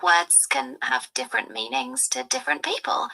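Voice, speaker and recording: A synthetic female AI assistant voice, polite and measured, with formal phrasing. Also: high voice, huge pitch swings, vocal fry, sharp tone, rough recording.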